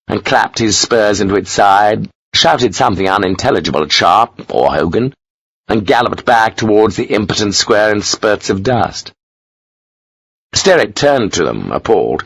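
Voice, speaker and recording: Low-voiced man narrating an audiobook. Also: moderate pace, fairly bright tone, dry recording, poor audio. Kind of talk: scripted narration.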